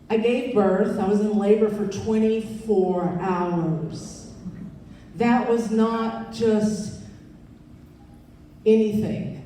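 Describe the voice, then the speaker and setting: A woman's voice: medium pitch, dark tone. A woman in her sixties giving an emphatic personal testimony as keynote speaker, repeating phrases for weight. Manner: emphatic storytelling with repetitions. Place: large event hall. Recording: echoey hall, distant mic, faint noise.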